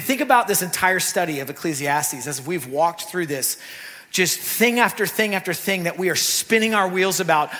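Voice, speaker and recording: A man preaching a sermon in a church, talking in a lively, conversational way with asides to the congregation. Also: high voice. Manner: animated, conversational preaching with asides and acted quotes. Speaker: pastor. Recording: long reverb of a church hall.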